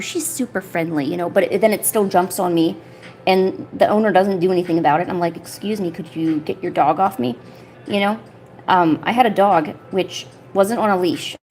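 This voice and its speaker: A woman's voice: mid-range voice, darkish tone, slight background noise. A woman art streamer chatting casually while she works on a paper craft, rambling along and filling her talk with "you know" and "like".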